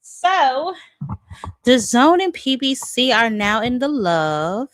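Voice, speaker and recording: A woman's voice: on the high side, animated, takes it slowly, a bit bright, no echo, clean studio sound. Sassy, dramatic woman livestream host. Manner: sassy, dramatic, calls viewers honey and child. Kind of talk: casual livestream commentary.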